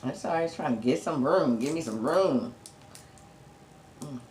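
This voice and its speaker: A woman's voice: low voice, animated, normal speed, darkish tone, a little hiss or hum. A woman vlogger talking to her viewers between bites of food, humming and chewing as she chats playfully. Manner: addresses viewers directly and playfully. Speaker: mukbang vlogger. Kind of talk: casual eating show chat. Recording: roomy echo.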